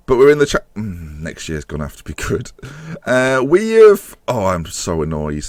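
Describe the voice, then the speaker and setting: A young man commentating on his own game, animated and swearing as he pleads with the screen. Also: lowish voice, normal speed, dry recording, clean studio sound. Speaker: gaming YouTuber. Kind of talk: gameplay commentary.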